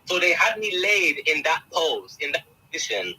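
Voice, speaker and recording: Intense young man with a husky voice. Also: a little high, sing-song, normal speed, bright, forceful tone, poor audio. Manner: intense, repeatedly addresses the host by name. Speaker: interview guest. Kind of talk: emotional first-person account.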